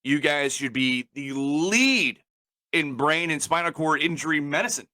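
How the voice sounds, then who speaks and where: A man's voice: fairly high pitch, unhurried, sharp tone, no room sound. A man co-hosting a casual talk show, swearing freely and working himself up to angry outbursts. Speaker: podcast co-host.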